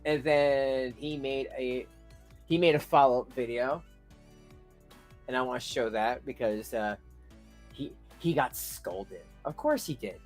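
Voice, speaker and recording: A man's voice: mid-range voice, unhurried, pauses often, soft background music. A man hosting a casual online commentary stream. He rambles with stammered restarts, keeps addressing his viewers as folks, and breaks into heated rants. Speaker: YouTube commentary host.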